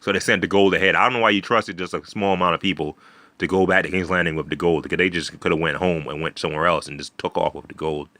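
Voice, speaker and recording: A man with a deep voice and a forceful, bright edge talks through a TV episode. He rambles, restarts sentences and swears casually. The recording is dry, with no room sound. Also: steady tone, fast, no echo. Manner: rambling, many fillers and restarts, swears freely. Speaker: video host.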